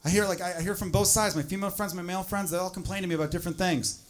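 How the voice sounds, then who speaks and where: High-voiced man doing stand-up. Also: very fast. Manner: animated, swings into loud exasperated bits. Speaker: stand-up comedian. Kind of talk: stand-up comedy set. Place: comedy club stage with audience laughter. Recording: noisy live club recording.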